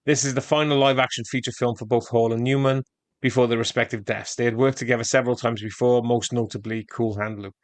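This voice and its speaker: A man co-hosting a podcast, reading out film trivia in a steady, matter-of-fact way. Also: mid-range voice, fast talker, no room sound. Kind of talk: casual chat with read-out facts.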